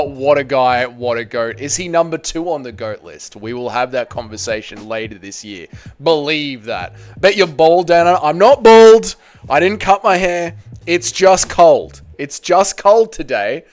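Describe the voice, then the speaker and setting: A young man hosting a casual livestream, reading chat aloud and swearing bluntly. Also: a little high. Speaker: livestream host.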